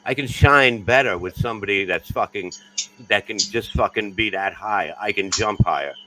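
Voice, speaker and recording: Blunt, low-voiced profane comedian. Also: male voice, moderate pace, noisy background. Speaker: comedian guest. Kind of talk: casual podcast chat.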